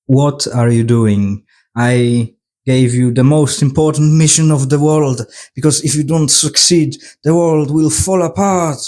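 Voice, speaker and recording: A man's voice: fairly low pitch, flat delivery, extremely slow, long pauses, darkish tone. A man voicing a blunt, stern woman police chief in a casual mocking parody. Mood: scolding.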